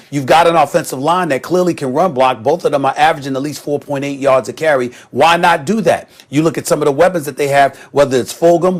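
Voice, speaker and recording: A man arguing emphatically in a studio sports debate, pressing rhetorical questions. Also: on the high side.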